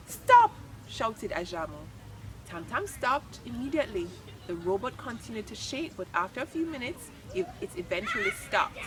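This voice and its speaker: A woman reading a children's chapter book aloud, lively and expressive. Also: mid-range voice. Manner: expressive, lifts voice for quoted lines. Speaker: storybook reader. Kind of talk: read-aloud children's story narration.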